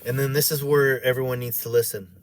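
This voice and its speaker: A man telling an emotional personal story, animated and repetitive, acting out the voices of others as he goes. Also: medium pitch, fast. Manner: emotional, repeats himself.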